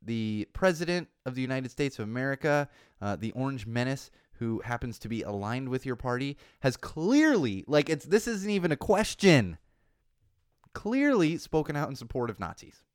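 Podcast host, man, chatty sarcastic ranter, smooth clear voice. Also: medium pitch, moderate pace, dry recording, studio quality. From California. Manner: animated, sarcastic, rambling with many asides. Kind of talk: casual podcast rant.

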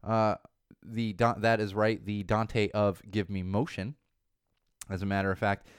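Podcast host, thirties, male, rambling casual delivery, smooth voice, dry close sound. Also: lowish voice, little pitch movement, a little slow, no room sound. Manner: rambling, lots of fillers and restarts. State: slightly losing his voice.

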